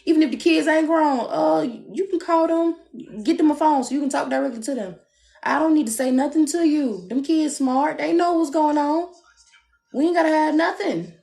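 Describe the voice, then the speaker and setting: A woman giving a live-streamed love reading, blunt and animated, with playful asides. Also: high voice, moderate pace, creaky. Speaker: tarot reader. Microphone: phone.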